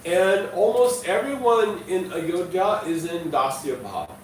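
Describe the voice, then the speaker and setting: A man giving a devotional lecture as a spiritual teacher, explaining slowly and measuredly and chanting verses. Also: sits high, lively intonation, a little hiss or hum. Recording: distant mic in echoey hall, faint ambience.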